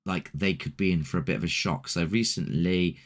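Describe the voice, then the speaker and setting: Man, low deep voice, loose rambling chat host. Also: brisk. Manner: rambling, laid-back, with mild swearing. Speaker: paranormal investigator and show host. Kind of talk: casual chat.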